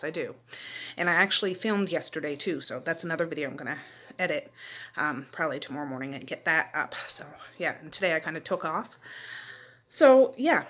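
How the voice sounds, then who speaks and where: A woman's voice: low-pitched, a bit bright. A woman from Nova Scotia chatting casually into her phone while out walking her dog at night, homey and rambling, a little out of breath. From Nova Scotia, Canada. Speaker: vlogger. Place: outdoors at night on a street. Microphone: phone held at arm's length.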